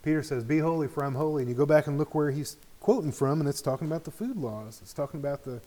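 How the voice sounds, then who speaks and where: A man's voice: a little high, animated, fast talker, dark tone. A middle-aged man teaching an informal Bible study in a conversational way, often checking in with the group.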